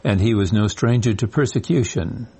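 A man in a Bible study group reading passages from a study guide and scripture in a steady voice. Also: on the low side, moderate pace, breathy edge.

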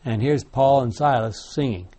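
A man's voice: medium pitch, moderate pace, dark tone. A man leading a Bible study discussion, asking the group questions and telling stories with many restarts.

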